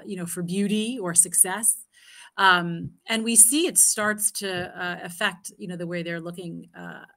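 Woman, parenting speaker, live Q&A, bright tone, earnest, many fillers. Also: mid-range voice. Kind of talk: live Q&A answer.

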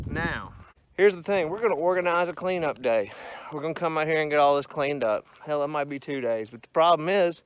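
A man's voice: a little high, expressive, moderate pace, a little hiss or hum. Profane man ranting outdoors. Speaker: vlogger. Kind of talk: casual satirical vlog. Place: outdoors on a country roadside.

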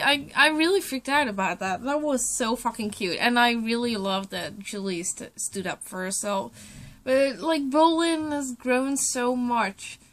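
A young woman on a reaction vlog, choked up and tearful, talking in halting, broken sentences that trail off, with plenty of swearing. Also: fairly high pitch, a bit bright. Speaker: vlogger.

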